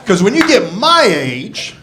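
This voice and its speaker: A man in his sixties doing a gruff, profane, self-mocking stand-up comedy set on a club stage. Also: high voice, wildly swooping pitch, a little slow, very noisy. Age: 60s. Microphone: handheld stage mic. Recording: live club recording with crowd laughter. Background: audience laughing.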